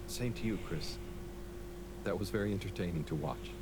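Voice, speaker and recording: An actor voicing a calm, kindly young man who is the hero of a video game, speaking in a soft, gentle way. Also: low-pitched, moderate pace, very noisy, natural voice.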